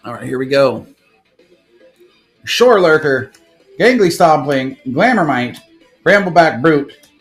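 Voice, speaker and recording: A young man on a live stream, casually opening card packs and rattling off card names, with bursts of excitement. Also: fairly high pitch.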